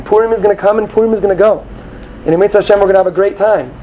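A man giving an animated sermon to young students, acting out quoted voices and sprinkling in Hebrew terms. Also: high-pitched, slight background noise, poor audio. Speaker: rabbi or teacher addressing students.

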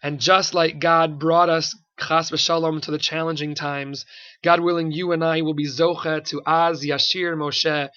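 Male religious teacher, fervent, repeats for emphasis, sharp tone. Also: fairly high pitch, level tone, unhurried, muffled recording. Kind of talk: sermon-style Torah talk.

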